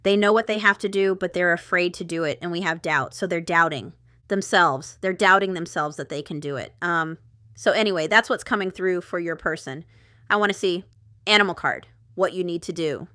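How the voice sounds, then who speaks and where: Bright, crisp-voiced woman reading tarot. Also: on the low side, fairly quick, no echo, studio quality. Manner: chatty and rambling, with asides and stifled laughter. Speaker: tarot reader. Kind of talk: casual tarot reading to camera.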